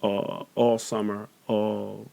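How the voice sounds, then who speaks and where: A man in his forties with a New Jersey accent, telling his story as an interview guest in a relaxed way, with many fillers and repeated words. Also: on the low side, takes it slowly, creaky, lo-fi sound. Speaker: guest, former football player.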